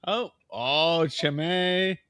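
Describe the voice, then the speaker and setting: A man in casual chat, animated and teasing. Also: fairly high pitch, drawn-out words, smooth, no echo, studio quality. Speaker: podcast participant.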